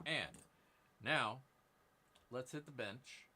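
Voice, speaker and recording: Rambling, joking man with lively pitch. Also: unhurried. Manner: joking, rambling, talks to viewers while working. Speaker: live-stream host prospecting for gold. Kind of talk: casual live-stream chat. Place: indoor workbench.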